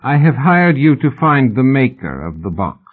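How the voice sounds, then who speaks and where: A man voicing a wealthy old male collector, measured and formal, with a tinny, phone-like sound. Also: mid-range voice, big pitch swings, husky, pitched above the performer's own voice. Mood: cold.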